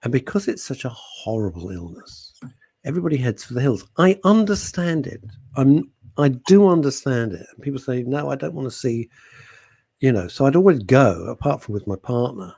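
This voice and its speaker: Middle-aged male radio co-host, husky and earnest, faltering as he speaks. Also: medium pitch, sing-song, no room sound. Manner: heartfelt, halting, trailing off softly. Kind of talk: casual radio chat, reading listener messages. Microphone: studio microphone.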